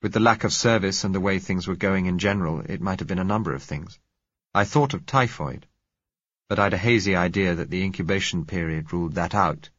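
A man reading a novel aloud as audiobook narrator, in measured, reflective first-person narration. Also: low-pitched, no echo, highs cut off.

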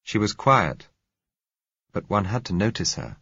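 Deep, husky male narrator. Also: sing-song, fairly bright tone, no room sound. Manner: measured, reflective first-person telling. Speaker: audiobook narrator. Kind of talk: scripted narration. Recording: dull lo-fi recording.

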